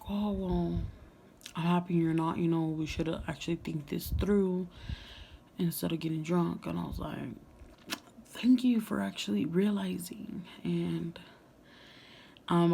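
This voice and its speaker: A young woman telling a story in a casual vlog, chatty and profane, full of "like" and "you know", sometimes dropping to a hush. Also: fairly low pitch, gravelly, slight background noise. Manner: drops into hushed whispers at times. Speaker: vlogger.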